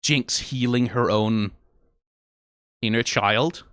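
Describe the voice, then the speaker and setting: A man streaming a casual reaction, analyzing scenes closely, swearing freely and getting emotional and excitable. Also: medium pitch, takes it slowly, clear, resonant tone, no echo, clean studio sound. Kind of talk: casual video commentary.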